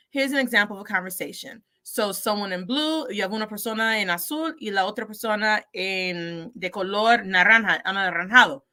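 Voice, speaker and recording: Bright, upbeat woman teaching Spanish. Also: fairly high pitch. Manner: energetic, playful, switching between English and Spanish; models dialogue by playing both speakers. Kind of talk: bilingual video lesson.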